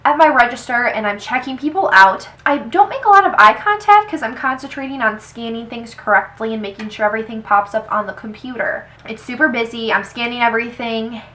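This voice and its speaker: A young woman vlogger telling a personal story to the camera. She talks in an animated way and quotes people with "he's like.". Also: on the high side, brisk, hardly any pauses, poor audio. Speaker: beauty vlogger. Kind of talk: storytime vlog.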